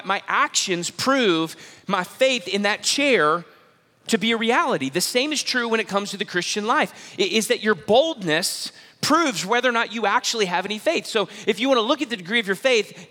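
Male preacher, high bright voice, emphatic and repetitive, church hall with long reverb. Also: animated. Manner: emphatic, repeats key phrases, quick restarts. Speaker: pastor. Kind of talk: sermon.

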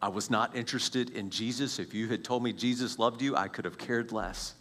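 A man in his forties sharing a personal faith testimony as a story, animated, with many restarts and quiet, hushed stretches at tense moments. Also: mid-range voice, moderate pace.

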